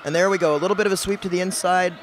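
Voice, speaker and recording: A man's voice: high-pitched, steady tone, very fast, noisy background. A man giving easygoing play-by-play commentary on a roller derby bout, with dry quips. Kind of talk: live sports commentary.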